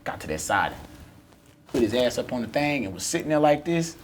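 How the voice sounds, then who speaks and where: Male podcast co-host, AAVE speaker, quick and lively comic storyteller; light background noise. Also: mid-range voice. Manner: loud, lively storyteller, acting out the characters' voices. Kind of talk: animated comedic storytelling.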